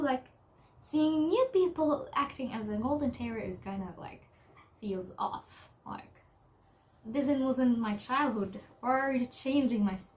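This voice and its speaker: Halting young woman with higher voice. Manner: halting, many "like" fillers and restarts. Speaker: YouTuber. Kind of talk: casual vlog commentary.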